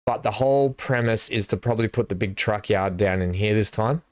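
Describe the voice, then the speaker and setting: A man's voice: fairly low pitch, fairly quick. A man streaming a game live, casually thinking aloud to himself as he plans his build. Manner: muttering, thinking aloud while planning. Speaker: gaming streamer. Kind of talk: casual live gameplay commentary.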